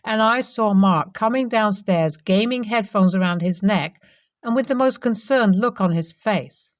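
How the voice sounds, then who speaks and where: A woman reading a first-person story as scripted narration, in a steady, even way. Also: medium pitch, unhurried, no echo, studio quality.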